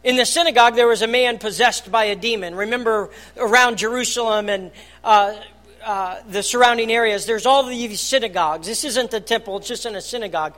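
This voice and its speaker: A pastor giving a sermon in a church, earnest, moving between soft, hushed passages and loud, emphatic ones. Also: mid-range voice, brisk. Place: church hall.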